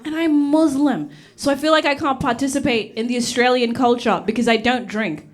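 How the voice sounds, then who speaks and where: Speaking briskly in a high-pitched voice with fairly even intonation, a young woman from Uganda does a stand-up routine on stage for a live audience. Her delivery is brash and punchy, with laughter between jokes.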